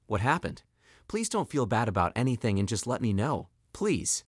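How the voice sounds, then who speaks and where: A man voicing a kind, patient young man who speaks gently and reassuringly in a spoken story. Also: mid-range voice, sing-song, moderate pace, no echo, clean studio sound. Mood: earnest.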